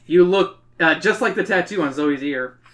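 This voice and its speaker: A host reads a gamebook aloud in a casual voice. The reader breaks off for joking asides. The pitch sits in the middle range. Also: normal speed, a bit bright. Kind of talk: reading a book aloud with jokes.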